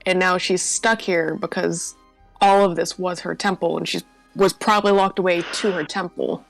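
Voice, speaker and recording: A woman's voice: fairly low pitch, fairly even intonation, normal speed, gravelly, no echo, faint music behind. Woman player explaining stuff breezily, dry close mic. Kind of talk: tabletop game play, casual chat.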